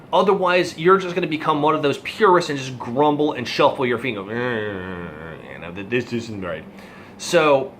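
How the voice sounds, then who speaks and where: A man's voice: fairly high pitch, a bit bright, slight background noise. A young adult man giving a casual, rambling movie review, full of fillers and asides. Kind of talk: casual film review monologue.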